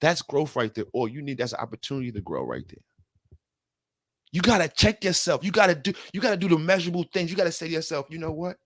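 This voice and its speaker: A man's voice: fairly high pitch, very animated, fast talker, no echo. A man with a slightly raised voice gives an earnest motivational talk, speaking straight to the listener in casual slang. He repeats and restarts his phrases as he gets worked up. The sound is dry and close. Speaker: self-help speaker.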